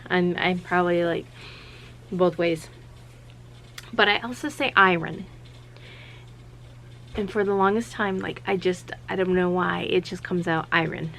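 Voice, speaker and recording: Casting: female vlog host, gravelly, rambling casual chat, faint hiss in the background. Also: a bit bright. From South Carolina, US. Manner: chatty and rambling, acts out quotes with a high voice. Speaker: channel host.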